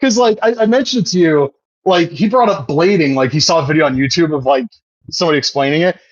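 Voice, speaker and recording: Thirties guy on a podcast, kinda high voice, rambly and sweary, dry dull mic. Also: fast, no echo. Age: 30s. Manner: rambling, profane, laughs often. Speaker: podcast co-host. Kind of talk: casual chat.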